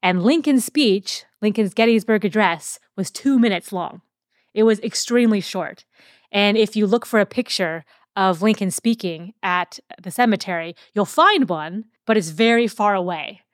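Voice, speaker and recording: A woman's voice: medium pitch, moderate pace, no echo, clean studio sound. A woman hosting a podcast, explaining history in a casual, conversational way with occasional fillers and restarts. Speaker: podcast host. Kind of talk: casual educational podcast talk.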